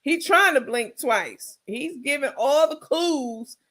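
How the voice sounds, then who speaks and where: A woman's voice: sits high, lively intonation, slow pace, a bit bright. A woman giving casual comedic reaction commentary, sassy and laughing, talking straight to her viewers.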